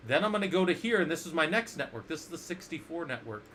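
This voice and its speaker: A man's voice: fairly high pitch, very animated, fast, fairly bright tone, a little hiss or hum. A man teaching a casual screen-share lesson as an instructor, playful and jokey, often asking the viewers questions.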